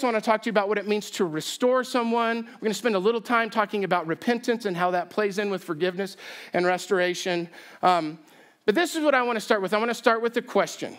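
A man preaching a sermon, telling a story with self-deprecating humor and an animated, chatty delivery. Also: sits high. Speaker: pastor. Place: church sanctuary.

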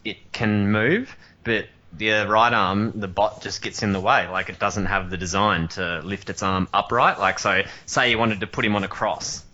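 A man's voice: on the low side, fairly even intonation, moderate pace, pushed and bright, highs cut off. A man chatting casually about his collection, rambling with many fillers and restarts. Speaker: collector in group chat. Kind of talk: casual chat.

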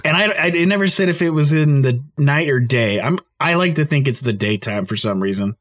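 A man's voice: on the high side, animated, fairly quick, fairly bright tone. A man hosting a podcast, telling a story in a casual, rambling way and laughing often. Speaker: podcast host.

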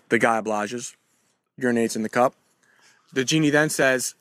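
A man telling a crude joke in a casual, quick, animated way. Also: mid-range voice, dry recording, studio quality.

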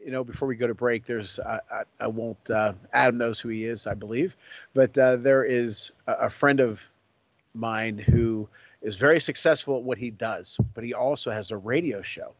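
A man's voice: mid-range voice, normal speed, dry recording, highs cut off. A man hosting a podcast, talking conversationally and reeling off sponsor plugs. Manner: conversational, reels off sponsor plugs and phone numbers. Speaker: podcast host. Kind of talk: interview hosting and sponsor reads.

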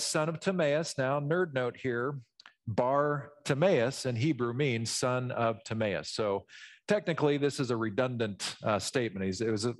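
A man preaching a sermon as pastor, explaining scripture in a teacherly way and acting out the people in the story. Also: mid-range voice. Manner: animated, teacherly, acts out voices in the story.

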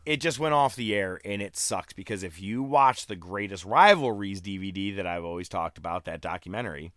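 Podcast host, male, low voice. Loose, profane storyteller, close dry mic. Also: lively intonation, fairly quick, fairly bright tone, dry recording. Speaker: podcast host recapping wrestling. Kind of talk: casual chat.

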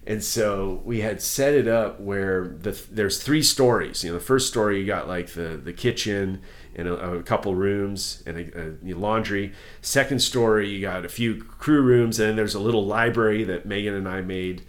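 A man hosting a podcast, telling a story in casual chat with animated delivery and frequent laughs. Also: fairly low pitch. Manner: animated, laughing, quick restarts. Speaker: podcast host.

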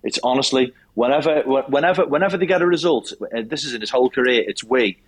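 A man's voice: medium pitch, fast talker. A man co-hosting a casual podcast, full of jokey, mocking banter. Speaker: podcast co-host.

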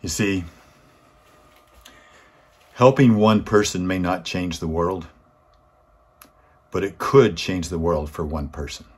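A man's voice: takes it slowly, pauses often, slightly rough. A man giving a weekly inspirational talk, telling a story in an earnest way and rising in force on key points. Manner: earnest, swells louder and higher on key points. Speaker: motivational speaker.

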